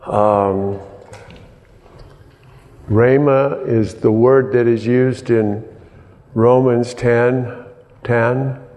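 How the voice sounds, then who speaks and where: A man preaching a sermon, teaching slowly and explaining word by word with frequent pauses and fillers. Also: mid-range voice, fairly even intonation, darkish tone, in a large hall. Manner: slow, explanatory teaching with hesitations.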